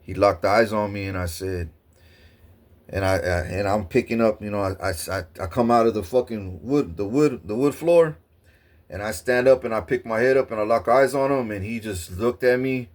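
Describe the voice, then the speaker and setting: A man with a lowish voice spins a wild personal story in casual vlog talk. He rambles and swears freely, his delivery excitable and loose. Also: moderate pace. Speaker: vlogger.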